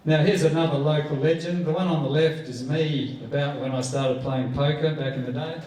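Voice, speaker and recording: A man's voice: steady tone, a little fast, a little mellow, slight background noise. A man in his sixties with an Australian accent, doing rambling stand-up with poker anecdotes in a club room. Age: 60s. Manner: rambling anecdotal storytelling, jumps up high to act out quoted people. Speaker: stand-up comedian. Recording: echoey room heard from a distance.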